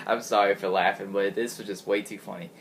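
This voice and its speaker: A man's voice: fairly low pitch, gravelly, slight background noise. A man giving a casual, rambling recap of a wrestling show, often laughing and restarting his sentences. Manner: chatty, giggly, rambling with restarts.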